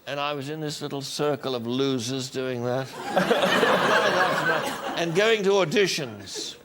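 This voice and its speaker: Slow, wry older Australian man. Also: fairly high pitch. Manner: wry, unhurried storytelling. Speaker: chat show guest. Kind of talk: anecdotal chat show talk. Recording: noisy television studio.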